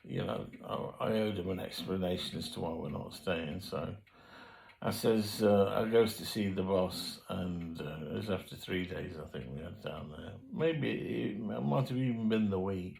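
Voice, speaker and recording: A man's voice: sits low, normal speed, vocal fry, a little mellow, rough recording. An older man, telling his own life stories in a rambling, colloquial way, full of fillers and restarts. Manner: rambling, colloquial, frequent fillers and self-corrections. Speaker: memoir storyteller. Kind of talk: casual spoken memoir.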